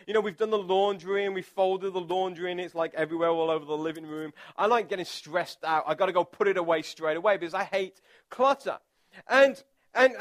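His voice sits high as he preaches, a pastor giving a relaxed sermon that feels like conversation. He's chatty and self-deprecating, often using fillers and restarts.

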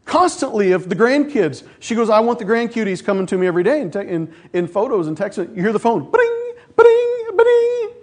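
Fast and barely pausing, a high-voiced middle-aged pastor rolls through his sermon. He tells stories with animation, voicing the people in them himself.

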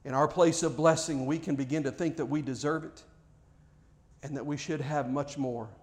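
A man with a notably high-pitched voice preaches to his congregation. He builds emphasis as he goes, often stumbling and restarting words mid-phrase in an earnest sermon style. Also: fairly even intonation, normal speed. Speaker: pastor.

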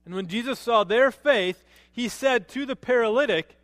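A man preaching a sermon as a pastor, animated, rising to emphatic peaks and dropping low to quote. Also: moderate pace, dry recording, studio quality, in a large hall.

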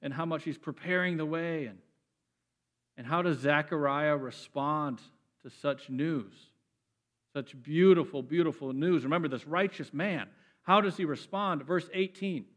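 A man preaching a sermon, animated and emphatic, often repeating words as he builds up. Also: on the high side, measured pace. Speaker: pastor.

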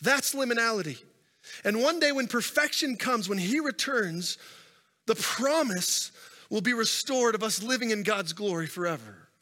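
A pastor with a high, sharp voice preaches a sermon, telling stories whose intensity rises and falls. He's recorded on a stage microphone in a church sanctuary, with the long reverb of a large hall.

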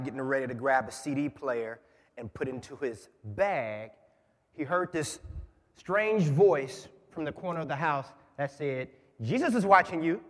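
Lively, joking preacher in a big church. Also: male voice, medium pitch. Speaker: guest preacher. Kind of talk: sermon. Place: large church. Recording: church with long reverb. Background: congregation.

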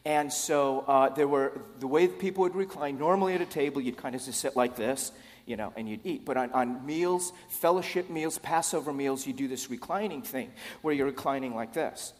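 A man's voice: mid-range voice, normal speed. A man preaching a sermon in a casual, conversational way, with joking asides to the congregation. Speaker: pastor. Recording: long hall reverb.

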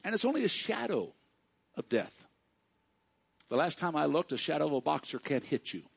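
A man preaching a sermon to his congregation, speaking directly to them and swinging between hushed and loud passages. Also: on the high side, big pitch swings, normal speed, creaky, husky. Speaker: pastor.

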